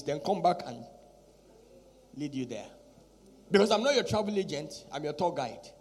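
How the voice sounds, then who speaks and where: A man's voice: a little high, animated, moderate pace, pauses often, a little mellow, long reverb tail. A male pastor preaching a sermon, repeating his points and pressing the listeners with rhetorical questions.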